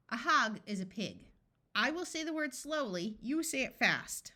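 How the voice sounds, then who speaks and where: A woman with an American accent teaching a phonics lesson, slowly sounding out letters and blending them into short words for young readers. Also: on the high side, lively intonation, pushed and bright. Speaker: reading tutor.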